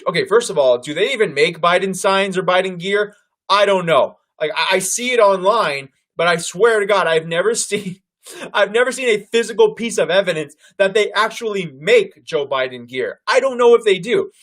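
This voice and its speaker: A man hosts a political livestream in casual commentary. He talks loudly and animatedly and keeps turning to his viewers as "guys". His voice sits high for a man. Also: lively intonation, moderate pace.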